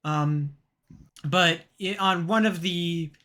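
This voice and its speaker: Bright, rambling young man chatting. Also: a little high. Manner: rambling, halting storytelling with many fillers. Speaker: podcast co-host. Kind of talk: casual chat.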